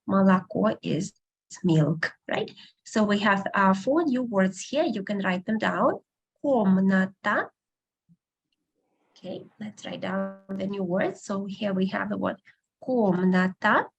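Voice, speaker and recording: A woman teaching an online beginner language class, patiently repeating words slowly over a video call. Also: mid-range voice, creaky, breathy edge, lo-fi sound.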